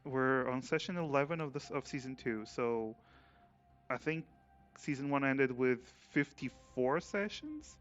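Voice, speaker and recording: A man's voice: medium pitch, a little slow, highs cut off, soft background music. A man hosting a livestreamed tabletop game as game master, chatting casually and rambling with frequent laughs. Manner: relaxed, rambling, laughs often. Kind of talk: casual chat before a tabletop game stream.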